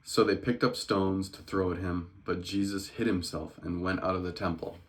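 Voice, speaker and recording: A man's voice: deep voice, fairly even intonation, moderate pace. A man reading scripture aloud casually, dropping in joking asides and laughing at his own stumbles. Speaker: reader.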